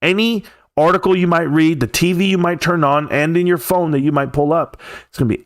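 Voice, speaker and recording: With a fairly high voice and a slightly quick delivery, a California-accented man rants on his livestream, angry and foul-mouthed. He rambles and throws in mocking impressions of others. The studio audio is clean and echo-free.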